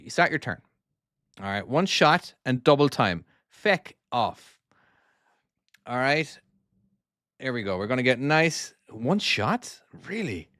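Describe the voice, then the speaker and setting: A middle-aged man with a softened Irish accent, chatting to his live-stream audience while playing his own trucking game. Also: medium pitch, clear, resonant tone, no room sound, clean studio sound. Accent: Irish, softened by years in the US. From Ireland. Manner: rambling and chatty, talking to chat while driving.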